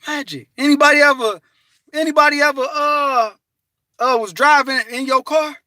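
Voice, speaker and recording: A man giving an animated, preachy motivational talk from his parked car, breaking into bits of song and laughter. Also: very high-pitched, normal speed, dry recording. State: hot and restless. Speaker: vlogger.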